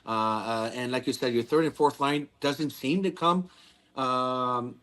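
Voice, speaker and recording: A man's voice: mid-range voice, unhurried, a bit bright. A man, a former hockey player telling rambling stories as a podcast guest. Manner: rambling storyteller with many restarts. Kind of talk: casual podcast interview.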